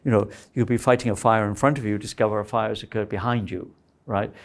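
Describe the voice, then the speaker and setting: A man's voice: fairly low pitch, fairly even intonation, fast talker, gravelly. A middle-aged man giving a university lecture in a conversational way, often checking in with his listeners by asking "right?" and "okay?".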